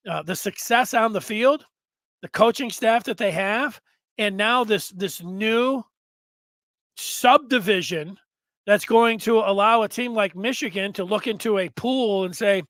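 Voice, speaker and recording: High-voiced man rambling through sports talk. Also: dry recording. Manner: rambling, animated, frequent self-corrections. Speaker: sports podcast host. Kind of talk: casual sports commentary monologue.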